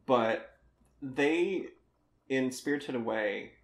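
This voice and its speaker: A man's voice: medium pitch, lively intonation, extremely slow. Chatty, rambling man on a podcast. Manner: rambling, loses his train of thought. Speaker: podcast co-host. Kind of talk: casual chat.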